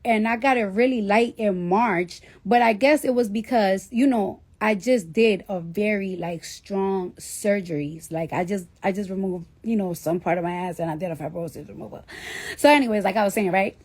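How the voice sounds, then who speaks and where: A woman's voice: mid-range voice, moderate pace, a little mellow. A woman in her thirties telling a personal story casually, with blunt, profane talk and lots of fillers. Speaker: celebrity on a livestream.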